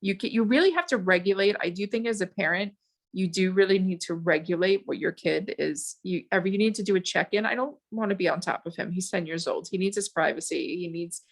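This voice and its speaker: A woman in her forties, a podcast guest, talking in a rambling, animated way with many restarts. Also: on the low side, fairly quick. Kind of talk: casual podcast chat.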